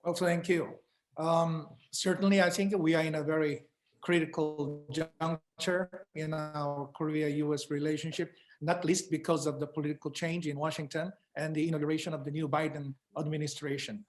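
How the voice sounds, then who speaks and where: A man moderating a policy panel in a formal, halting way, with many fillers. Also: fairly high pitch, flat delivery.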